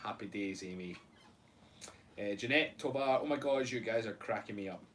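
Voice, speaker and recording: A Scottish man co-hosts a live stream, reading viewer comments aloud in casual, playful banter full of jokes and laughter. His voice is lowish and fairly bright at a normal pace, picked up from far off the mic with a bit of hiss or hum.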